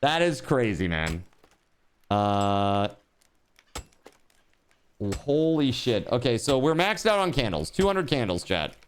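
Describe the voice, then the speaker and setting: A man livestreaming and reading out donations in casual chat. He swears, says dude a lot, and bursts into laughter and shouting. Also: mid-range voice, big pitch swings, slow pace, pauses often, slight background noise. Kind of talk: live stream donation reading.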